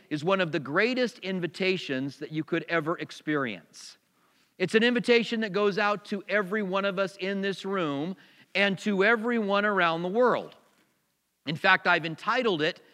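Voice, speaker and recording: Bright-voiced preacher in a reverberant hall. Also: male voice, high voice. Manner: repeats words and restarts often. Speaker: pastor. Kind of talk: sermon.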